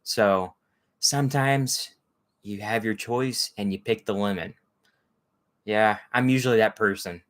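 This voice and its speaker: With a fairly low pitch, this man talks a little slowly and pauses often. He's from Texas and hosts a casual livestream, rambling as he chats with viewers and greets each by name.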